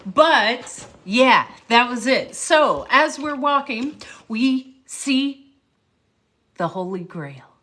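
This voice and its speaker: A woman livestream host recounts a story with bright, ringing energy. Her pitch leaps around expressively while her delivery stays slow and unhurried, with frequent asides to her viewers. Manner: animated, jumps around, greets viewers. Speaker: motivational speaker, livestream host.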